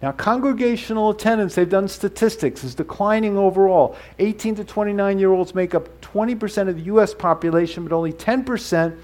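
A man with a somewhat high voice delivers a sermon. He preaches in a teacherly way, pausing to explain terms and slipping in small asides. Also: a little mellow. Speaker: pastor.

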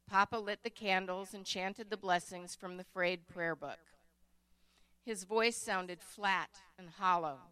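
A woman reading a story aloud as narrator, in a measured, expressive way. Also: mid-range voice, clean tone.

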